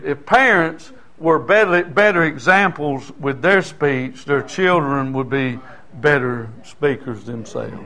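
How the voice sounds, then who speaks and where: Older male preacher, folksy conversational sermon delivery, fairly high-pitched. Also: pushed and bright. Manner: folksy, conversational preaching with call-and-response asides.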